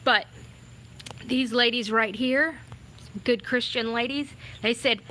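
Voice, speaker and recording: A woman giving excited, chatty commentary on a live stream, talking straight to her viewers. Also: a little high, takes it slowly, slight background noise. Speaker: vlogger.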